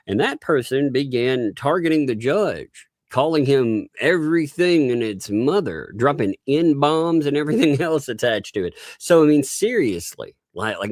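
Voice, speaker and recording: A man from the Bronx hosts a casual live-stream chat, laughing often and tossing in chuckling asides as he talks. His voice is medium-pitched, and the recording is dry and studio quality.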